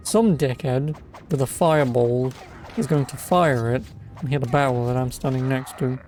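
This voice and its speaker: A man's voice: mid-range voice, moderate pace, hardly any pauses, a little mellow, a little hiss or hum. A man giving casual, sarcastic gameplay commentary as a streamer. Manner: wry, sarcastic. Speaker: let's play streamer.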